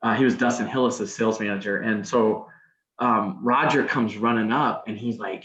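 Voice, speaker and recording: A man's voice: medium pitch, fairly even intonation, brisk, fairly bright tone. A man guest on a podcast, telling a story casually, rambling, with many restarts and "like"s. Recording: roomy, dull sound.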